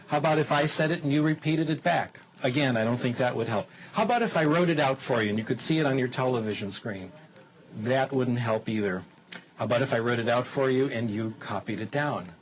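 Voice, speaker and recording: A man lecturing on how people acquire language for a television audience, teaching in a lively, demonstrative way with rhetorical questions and stretches of simple, slow German. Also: mid-range voice, a little hiss or hum, rough recording.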